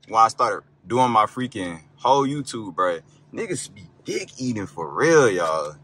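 On the low side, this young man's voice comes across pushed and bright. Over faint car noise, he rambles casually through a nighttime driving vlog, cursing freely and giving sudden yelps when the car jolts over bumps.

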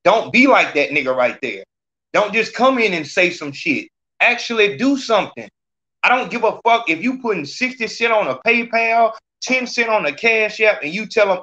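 Brief: male podcast host, fiery, profane, bright voice, muffled stream sound. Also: high-pitched, lively intonation, moderate pace. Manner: profane, ranting, challenging a chat commenter. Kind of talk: heated call-in podcast talk.

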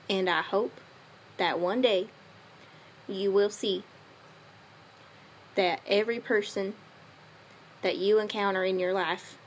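A woman's voice: mid-range voice, a little hiss or hum, natural voice. A woman voicing a doting, stereotypical Southern father with a put-on Southern accent, giving earnest, tender affirmations. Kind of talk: comedic affirmation monologue.

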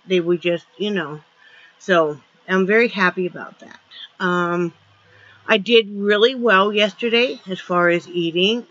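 A woman's voice: on the low side, a bit bright. Chatty woman, lo-fi home vlog. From Florida. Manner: rambling, chatty, many fillers. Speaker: vlogger. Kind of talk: casual daily vlog chat.

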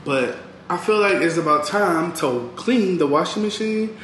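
A man chatting casually to his viewers in a home vlog, talking to them as y'all and full of quick asides. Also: high voice, lively intonation, fairly bright tone, a little hiss or hum. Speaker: vlogger. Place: at home, kitchen.

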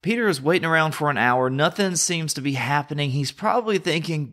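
A man's voice: a little high, animated, a little fast, hardly any pauses, a bit bright. Southern American man teaching scripture. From North Carolina, USA. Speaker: podcast host and Bible teacher.

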